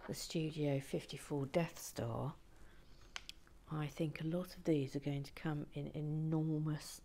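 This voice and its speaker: Woman streaming a build, low pitch, unhurried, half-whispered muttering. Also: fairly even intonation, a little hiss or hum. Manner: soft-spoken, often drops to a whisper, mutters to herself. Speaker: streamer building a brick kit and reading chat. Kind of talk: casual live-stream chat while building.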